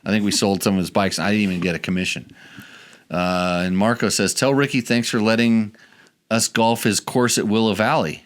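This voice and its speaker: Guy hosting a chill podcast, lowish voice, kinda rambly, keeps restarting. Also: fairly even intonation, brisk. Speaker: podcast host. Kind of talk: casual podcast chat.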